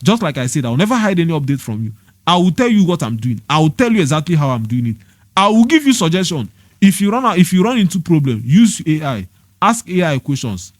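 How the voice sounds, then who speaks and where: A man's voice: on the high side, sing-song, fast, no room sound, studio quality. A young Nigerian man giving a preachy, scolding monologue, hammering the same points with rhetorical questions. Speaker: motivational vlogger.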